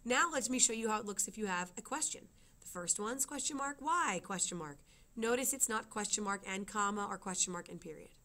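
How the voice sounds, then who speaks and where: A woman's voice: medium pitch, fairly quick, bright, forceful tone. A woman teaching a writing lesson, explaining step by step and checking in with her students. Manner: explains step by step, often asks "okay?".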